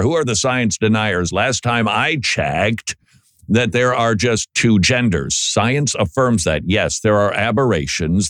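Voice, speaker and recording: A man's voice: fairly low pitch, a bit bright, dry recording, studio quality. A male commentator reacting to played speech clips in a sardonic, conversational way, often restarting his sentences. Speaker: political commentator.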